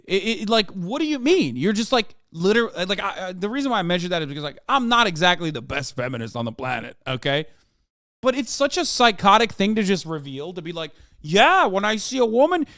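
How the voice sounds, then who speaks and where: A man's voice: sits high, fairly bright tone, dry recording, studio quality. A man streaming casual reaction commentary, sarcastic and profane, rambling as he riffs.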